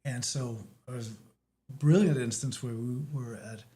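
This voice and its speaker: A man from Denmark with a Danish accent, talking as a guest in a casual chat, halting with many restarts and fillers. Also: mid-range voice, warm tone.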